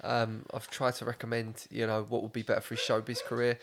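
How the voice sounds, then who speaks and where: A man's voice: mid-range voice, completely flat delivery, a little fast, noisy background. A man hosting a comedy podcast, his voice sitting in an everyday middle register. He is blunt, swears freely and cuts across his co-host in loose, unscripted chat. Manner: blunt, swears a lot, talks over others.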